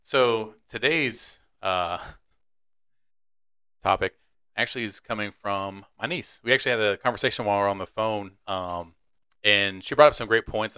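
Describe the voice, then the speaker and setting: A man's voice: on the low side, bright, forceful tone, clear, resonant tone. A man hosting a podcast in casual chat, joking and laughing often. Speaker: podcast host.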